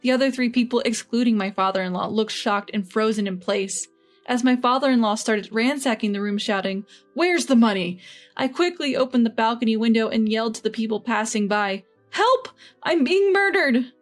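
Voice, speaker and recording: Woman narrating a story over soft music. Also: fairly high pitch, steady tone, brisk. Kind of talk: scripted first-person story narration. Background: faint background music.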